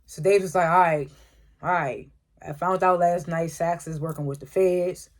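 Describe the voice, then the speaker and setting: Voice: medium pitch, fairly even intonation. Casual TV recapper: chuckly, profane, rattles off quoted dialogue scene by scene. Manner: chuckles often while retelling scenes; acts out characters' lines in quick quotes. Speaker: TV episode reviewer.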